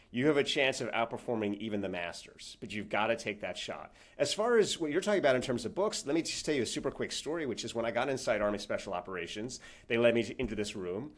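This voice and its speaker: Professor guy answering interview questions, tells stories and does the voices of people in them. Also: medium pitch. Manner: animated storyteller, acts out quoted people. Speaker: professor and author.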